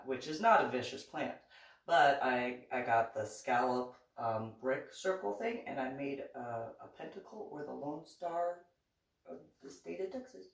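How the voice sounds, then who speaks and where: A woman vlogger telling a story in a casual monologue, indignant and animated, acting out the dialogue. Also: very deep voice. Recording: roomy echo, voice far from the mic.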